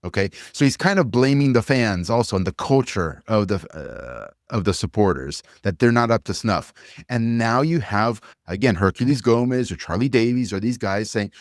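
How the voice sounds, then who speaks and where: A man's voice: fairly low pitch, expressive, moderate pace, no echo, clean studio sound. A male podcast co-host ranting with blunt, profane fervor. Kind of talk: heated opinion rant.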